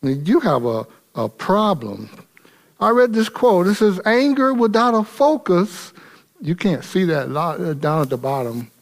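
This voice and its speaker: A man pastor preaching a sermon in an animated, colloquial and humorous way. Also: on the high side, moderate pace, gravelly.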